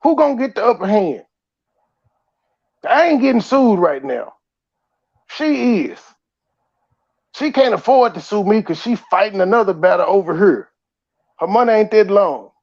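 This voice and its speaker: A man hosting a casual livestream, ranting in animated, profane bursts and laughing at himself. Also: high voice, normal speed, pauses often, lo-fi sound. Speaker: host.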